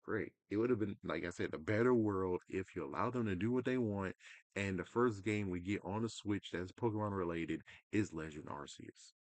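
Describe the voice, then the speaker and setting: A man's voice: sits low, moderate pace, no echo. A man ranting casually about video games, exasperated and profane, now and then mocking other people in a put-on voice. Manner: swings between loud outbursts and muttering. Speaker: gaming commentator. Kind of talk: casual rant to camera.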